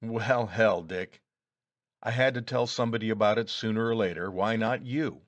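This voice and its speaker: A small, evasive man with a secret speaks in a lowish, slightly lifted voice, sheepish and then confiding, as a male reader puts him on. The sound is dry and close. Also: moderate pace, dry recording, natural voice. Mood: rueful.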